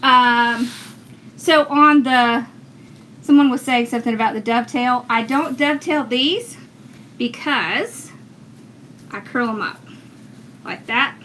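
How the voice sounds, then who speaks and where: A woman walks viewers through a craft project at an easy, unhurried pace, her voice sitting high. She chats along as she works, thanking people for their comments, with a faint hum in the background. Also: bright, forceful tone. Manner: chatty, reads and thanks viewers' comments while working. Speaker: wreath-making instructor. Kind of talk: casual livestream craft tutorial.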